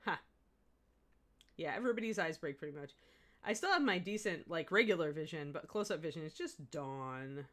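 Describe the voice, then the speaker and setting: A woman's voice: sits low, expressive, moderate pace, a bit bright. A middle-aged woman giving a live miniature painting demo, chatting and laughing with her viewers as she works. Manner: chatty, rambling, laughs often.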